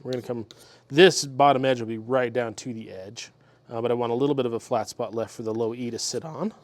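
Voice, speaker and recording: A man talking through a guitar repair step by step in his workshop, relaxed and methodical as he works with his hands. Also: mid-range voice, fairly quick. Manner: relaxed, methodical, talks while working with hands. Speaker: luthier demonstrating a repair.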